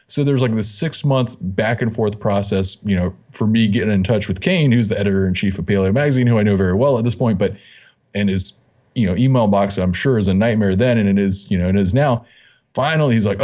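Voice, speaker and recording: A man's voice: lowish voice, moderate pace. A man, a fitness magazine editor, telling his story as a guest in a casual interview, acting out the dialogue he quotes. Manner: animated, acts out quoted dialogue.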